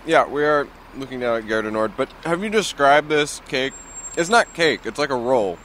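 A man chatting casually in a dry, low-key way on a balcony above a busy street. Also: animated, normal speed, a bit bright. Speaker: co-host. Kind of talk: casual chat. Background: street traffic.

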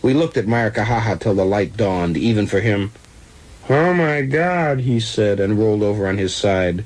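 A man reading a comic story aloud with animated, comic timing. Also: lowish voice, moderate pace, low-quality recording.

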